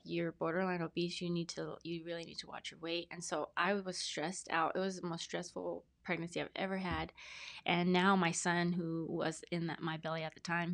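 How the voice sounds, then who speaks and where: Rambly earnest woman guest on a podcast, bit low pitched, just chatting away. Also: creaky, fairly bright tone. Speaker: podcast guest, brand specialist. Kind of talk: casual interview storytelling.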